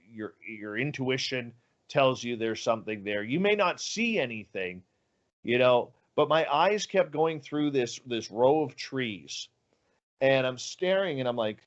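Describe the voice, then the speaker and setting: A man telling a story on a podcast in an animated way, dropping low and quiet for suspense. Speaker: guest radio host. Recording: dull lo-fi audio.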